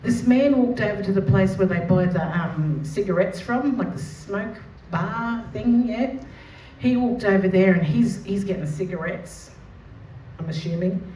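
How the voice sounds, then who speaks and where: An Australian woman, an educator and mother, telling a personal story in a lively, vivid storytelling manner. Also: medium pitch, measured pace. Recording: roomy, distant mic with faint noise.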